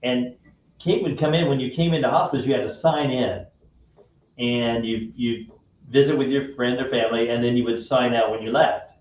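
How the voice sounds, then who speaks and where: A man hosting a radio show, telling a personal story in a friendly, unhurried way. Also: mid-range voice, steady tone, slight background noise. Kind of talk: casual faith-based chat. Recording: echoey room, distant dull mic.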